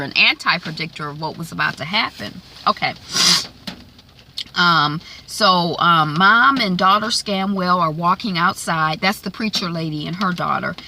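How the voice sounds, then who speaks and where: A woman talks through a TV episode in a loose, rambling vlog recap, stopping and restarting her sentences. Her voice is bright and forward. A faint hiss sits under the recording. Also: lowish voice, creaky. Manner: chatty, rambling, many fillers and restarts. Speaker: TV recap vlogger.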